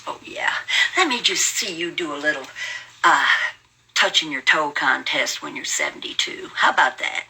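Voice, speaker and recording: A woman's voice: low-pitched, expressive, moderate pace, sharp tone, rough recording. A woman in her seventies, hosting a livestream and ranting at her viewers in a brash, taunting, profane way. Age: 70s. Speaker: livestream host. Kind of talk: casual livestream rant.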